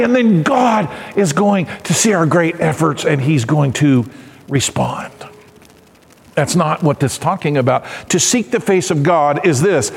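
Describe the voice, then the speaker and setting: A middle-aged male pastor preaching with a high voice, animated and lively, acting out little voices and cries as he goes. The sound carries the long reverb of a church sanctuary. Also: normal speed, gravelly. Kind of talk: sermon.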